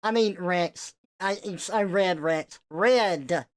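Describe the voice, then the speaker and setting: A woman with a Southern US accent chatting casually on a live stream, her pronunciation slightly mumbled and soft. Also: lowish voice, takes it slowly.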